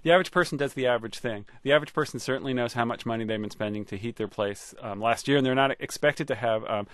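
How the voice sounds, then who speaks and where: A man's voice: medium pitch, fast, no room sound. A man giving ethics advice as a radio guest, wry and joking, with frequent stumbling restarts.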